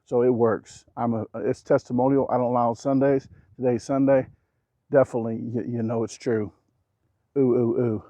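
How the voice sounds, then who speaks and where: A man talking casually to camera while building outdoors, rambling and cracking jokes, keeping his naturally loud voice down. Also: mid-range voice, level tone, a little fast, no echo. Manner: joking, rambling, self-deprecating asides. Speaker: vlogger. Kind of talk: casual vlog talk to camera. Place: outdoors at a backyard building site. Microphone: action camera.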